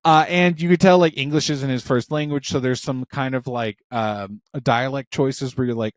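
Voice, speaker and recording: Excitable rambling man on a podcast. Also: medium pitch, moderate pace, few pauses, no room sound, studio quality. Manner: rambling, excitable, swears a lot. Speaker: podcast co-host. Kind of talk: casual chat.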